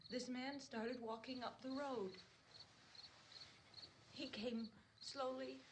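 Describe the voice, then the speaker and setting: A terrified young woman recalls the horror in a breathy, trembling voice. She speaks high and slow. It sounds like a hissy old film soundtrack. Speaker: actress in a film. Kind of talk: 1960s film acting.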